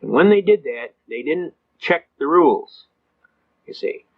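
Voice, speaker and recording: A man's voice: a little high, sing-song, measured pace. Older man, folksy lecture, lo-fi sound. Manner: folksy storyteller, acts out dialogue in quotes. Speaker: seminar speaker on constitutional rights. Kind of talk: folksy anecdotal lecture to a live audience. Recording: dull lo-fi recording.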